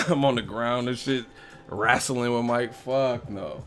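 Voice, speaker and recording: A man's voice: medium pitch, slow pace, loud music behind the voice. A man hosting a boxing live stream, talking in a loose casual rant, laughing often and acting out other people's lines. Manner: animated, laughs often, acts out quotes. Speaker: boxing commentary host.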